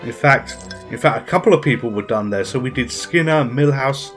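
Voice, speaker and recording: Man, casual gameplay commentary, relaxed, thinking aloud, mid-pitched voice, faint music behind. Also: normal speed. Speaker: gaming channel host.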